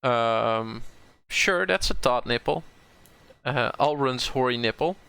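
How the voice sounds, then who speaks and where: A man's voice: mid-range voice, lively intonation, slow, creaky, bright, forceful tone, clear, resonant tone. A man from the southern Netherlands with a Dutch accent, thinking aloud as he plays and streams a card game, often repeating words as he corrects himself.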